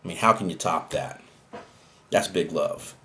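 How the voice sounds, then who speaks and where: A man's voice: extremely low pitch, unhurried, sharp tone. An older man with grandchildren, hosting an inspirational talk about family and giving it in an earnest, reflective, heartfelt way. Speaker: host.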